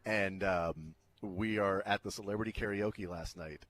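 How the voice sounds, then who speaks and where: A man's voice: sits low, steady tone, a little slow, a bit bright. A middle-aged man hosting a sports radio show. He tells a loose story in a casual way and fills it with lots of ums and uhs. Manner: rambling, filler-heavy, laughs through his stories.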